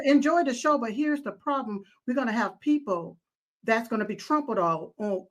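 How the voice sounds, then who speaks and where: A woman co-host in casual political talk, chiming in with agreement and then pushing back with her own point. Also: a little high.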